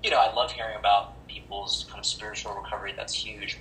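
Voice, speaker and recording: A man's voice: fairly low pitch, little pitch movement, a little fast, hardly any pauses, reverberant, noisy background. A man sharing at a support meeting over a video call, rambling and stumbling, praising the others' shares. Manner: rambling, warm toward others, stumbles and restarts. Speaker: recovery meeting member sharing.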